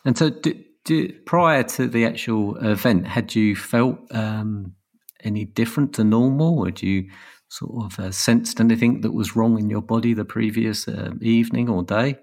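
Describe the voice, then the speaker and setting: A man hosting an interview, asking questions gently and hesitantly. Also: fairly low pitch, moderate pace. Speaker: interview host. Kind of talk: conversational interview.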